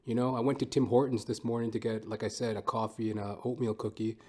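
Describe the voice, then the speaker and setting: A man's voice: mid-range voice, level tone, fast talker, darkish tone. A man hosting his own podcast, talking in a casual, rambling, profane and self-mocking monologue from home. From Canada. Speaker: podcast host.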